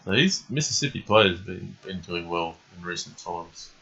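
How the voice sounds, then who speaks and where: A man streaming chess. He thinks aloud in a calm, measured way with plenty of ums. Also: low-pitched, creaky, husky. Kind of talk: live game commentary. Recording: dull lo-fi stream audio.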